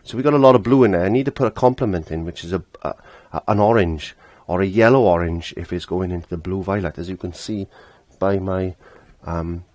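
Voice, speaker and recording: A man's voice: low voice, fairly quick, few pauses, a little mellow, no echo. A middle-aged man teaching a casual painting lesson, chatty and laughing at himself, trailing off when he concentrates.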